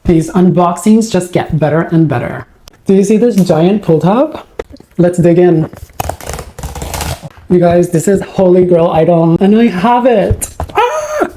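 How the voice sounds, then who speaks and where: A woman films an excited unboxing for her vlog, gushing and awestruck and shaky with excitement. Her voice sits a little low and sounds mellow and soft-edged. She keeps losing her words. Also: unhurried, a little hiss or hum. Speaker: unboxing vlogger.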